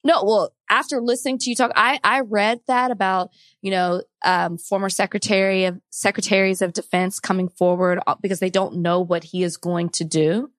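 A woman's voice: medium pitch, steady tone, normal speed, fairly bright tone, no echo, studio quality. A woman co-hosting a podcast, talking casually and with exasperation about politics, repeating herself as she goes. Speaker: podcast co-host.

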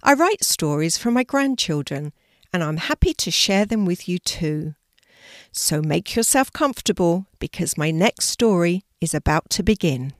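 A woman's voice: lowish voice, lively intonation, normal speed, dry recording, studio quality. Older grandmother reading a storybook.

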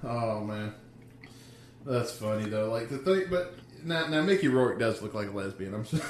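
A man's voice: mid-range voice, animated, normal speed, roomy sound, slight background noise. A man co-hosting a podcast in casual chat, joking and swearing freely. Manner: profane, joking. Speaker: podcast co-host.

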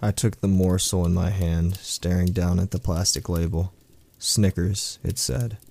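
A man narrates a first-person horror story in a very deep, gravelly voice. His tone is dark and his delivery slow and brooding. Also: steady tone.

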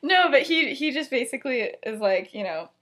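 A woman's voice: high-pitched, animated, normal speed, bright, forceful tone. A young woman co-hosting a podcast, casually retelling a fan story in a rambling way, full of "like" and "you know", acting out the characters' lines as she goes. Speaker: podcast co-host.

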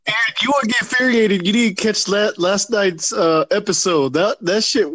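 A man's voice: high-pitched, moderate pace, crowd noise. A man in casual chat, teasing his friends.

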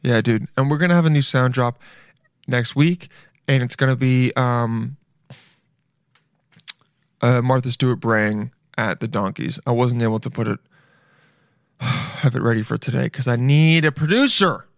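A man's voice: mid-range voice, a little slow, long pauses, no echo, studio quality. Rambling, joking male podcast host. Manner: rambling, swears, keeps saying "dude". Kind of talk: casual comedic commentary.

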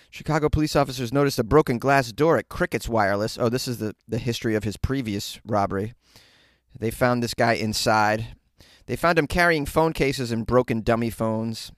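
A man's voice: medium pitch, dry recording. A wry man doing casual comic news commentary, mocking and laughing at the stories. His voice sits mid-range and is recorded close and dry in a small closet. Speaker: comedian podcast host.

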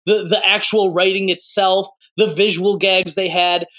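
Podcast co-host, man in his late twenties, bright and high, animated. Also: unhurried. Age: 20s. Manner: animated, acts out quotes in raised voices. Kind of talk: casual movie chat.

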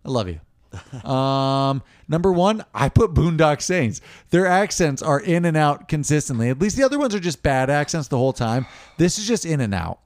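A man's voice: on the high side, lively intonation, normal speed, dry recording, studio quality. Laid-back man chatting on a podcast. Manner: laid-back, laughs often, trails off with fillers. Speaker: podcast co-host. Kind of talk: casual movie podcast chat.

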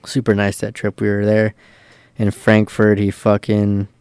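A young man chats casually, his voice low-pitched and clean. He spins rambling stories thick with swearing and filler words. The sound is dry and close to the mic. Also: completely flat delivery, measured pace, a little mellow, clean tone, no echo. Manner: loose and profane, full of fillers. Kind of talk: casual storytelling.

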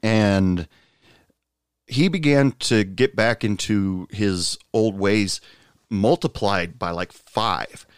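A man casually telling a long personal anecdote, rambling with fillers and asides, jumping up in pitch when quoting others. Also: takes it slowly, clear, resonant tone, dry recording, clean studio sound. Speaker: storyteller.

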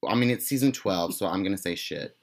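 Very deep voiced cohost, sassy and blunt, swears a bit. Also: male voice, expressive, a little fast. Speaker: podcast co-host. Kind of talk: casual chat.

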